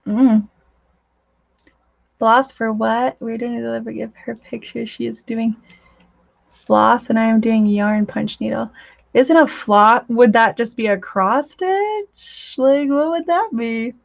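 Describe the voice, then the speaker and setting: A woman's voice: a little high, slow, creaky, dry recording, muffled recording. A woman hosting a crafting live stream, chatting casually, reading viewer comments aloud and laughing often. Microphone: home microphone.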